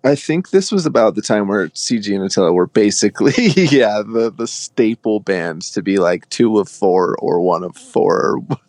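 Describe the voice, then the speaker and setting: A young man with a deep, gravelly voice, relaxed and laughing easily as he talks about bands. The recording is dry and close. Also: normal speed, no room sound. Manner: laid-back, laughs often. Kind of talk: casual chat.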